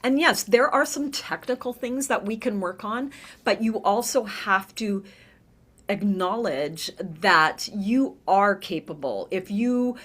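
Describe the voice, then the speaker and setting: A middle-aged woman, a vocal coach, talking in a conversational podcast interview, animated and often checking in with "right?". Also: medium pitch, takes it slowly. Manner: animated, demonstrates voices, frequent "right?".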